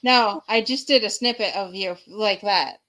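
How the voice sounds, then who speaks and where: A woman's voice: mid-range voice, moderate pace, fairly bright tone. A woman hosting a live-streamed chat show, bubbly and giggly, rambling with fillers as she talks to guests and viewers. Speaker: host.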